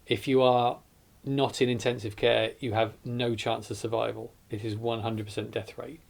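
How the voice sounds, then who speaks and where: Guy telling his survival story, gravelly mid-pitched voice, keeps correcting himself. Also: flat delivery. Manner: earnest, halting recounting with self-corrections. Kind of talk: documentary interview recollection.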